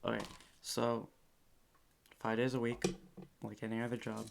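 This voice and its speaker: A man's voice: medium pitch, monotone, measured pace, vocal fry, long pauses, slight background noise. A man chatting casually on a solo livestream from his room at home, rambling and correcting himself as he goes. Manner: rambling, self-correcting, jokey. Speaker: podcaster streaming live.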